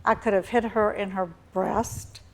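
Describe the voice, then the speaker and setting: Older Virginian woman with a gravelly voice, defensive, formal guest. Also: medium pitch, steady tone, measured pace, a little hiss or hum. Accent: Virginian Southern. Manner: defensive, formal, repeats "no, sir". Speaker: talk show guest, mother-in-law. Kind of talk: emotional talk show testimony.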